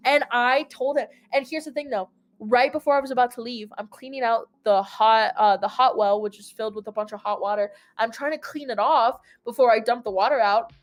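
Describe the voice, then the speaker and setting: A woman's voice: on the high side, brisk, few pauses. A young adult woman telling a long story in casual chat, rambling and peppered with "like". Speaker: host.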